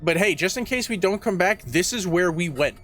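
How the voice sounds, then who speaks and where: A man's voice: high-pitched, animated, a little fast, fairly bright tone, soft background music. A man co-hosting a podcast, recapping a film's plot in casual, profane chat. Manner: recaps plot, swears, acts out quotes. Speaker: podcast co-host.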